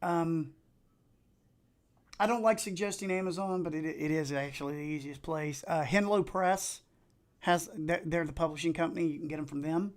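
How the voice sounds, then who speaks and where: A middle-aged man with an Appalachian accent, chatting casually and excitably while streaming video games and telling rambling stories. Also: on the high side, normal speed. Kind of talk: casual live-stream chat while gaming.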